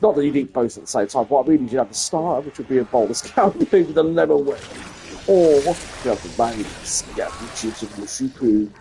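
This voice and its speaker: A man's voice: medium pitch, animated, a little fast, vocal fry, dark tone, slight background noise. A man with a Birmingham accent, a streamer chatting casually and swearing freely as he reacts to clips. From English Midlands. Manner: sweary, chatty, slips into put-on voices. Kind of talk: casual chat.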